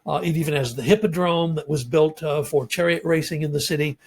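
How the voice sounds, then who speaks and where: A man giving a measured, explanatory lecture on scripture as a Bible teacher, pausing often with ums and uhs. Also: on the high side, slightly rough.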